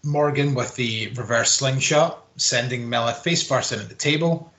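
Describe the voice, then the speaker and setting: A man with a bright, forward, medium-pitched voice gives a play-by-play of a wrestling match. Like a relaxed podcast co-host, he rambles, swears casually and fills gaps with ums and uhs in a laid-back recap chat.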